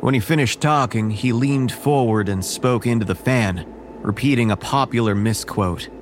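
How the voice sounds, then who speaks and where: A man narrating a first-person horror story in a measured, wary tone. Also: mid-range voice, background noise.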